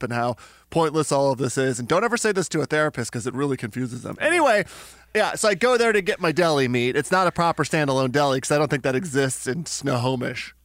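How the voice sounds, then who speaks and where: A man in casual chat, telling rambling stories with dry, deadpan jokes. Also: on the high side, no echo.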